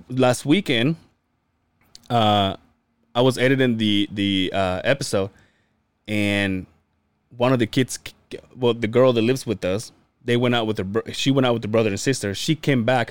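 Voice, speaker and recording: A man co-hosting a casual podcast, telling animated stories, acting out quoted dialogue and swearing freely. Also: mid-range voice, normal speed, smooth, dry recording. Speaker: podcast co-host.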